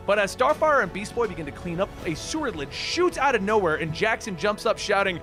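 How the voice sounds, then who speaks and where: Man narrating a comic story, fairly high voice. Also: very animated, a little fast, few pauses, sharp tone, soft background music.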